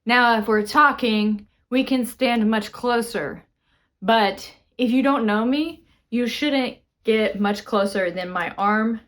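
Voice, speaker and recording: Texan woman, English teacher, chatty and expressive, slightly high voice. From Texas. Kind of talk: casual spoken English lesson.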